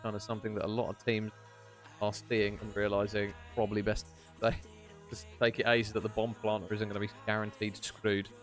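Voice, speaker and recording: A young man giving live esports play-by-play as a caster, chatty and quick to banter between rounds. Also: lowish voice, level tone, faint music behind.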